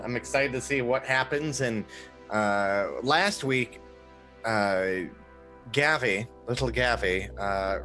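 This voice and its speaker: A man with a bright, forceful voice that sits a little low, chatting and teasing on a tabletop game stream, with faint music underneath. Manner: joking, teasing. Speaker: player. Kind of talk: casual chat among players.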